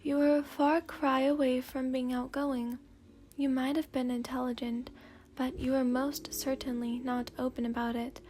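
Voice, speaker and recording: A woman reading second-person fanfiction in a slow, hushed, sleepy storytelling voice, at times dropping to a whisper. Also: high voice, level tone. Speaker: fanfiction reader.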